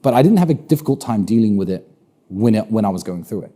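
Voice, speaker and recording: A man's voice: fairly low pitch, expressive, fast talker, warm tone. A man with a British accent answering interview questions in an assertive, opinionated way, often repeating phrases for emphasis. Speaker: interview guest.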